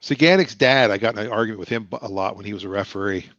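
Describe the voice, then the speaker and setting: A middle-aged man with a lowish, slightly bright voice talks very fast while hosting a casual livestream chat over a video call. He rambles through stories and acts out other people's lines. The sound is dull, lo-fi, and dry with no echo.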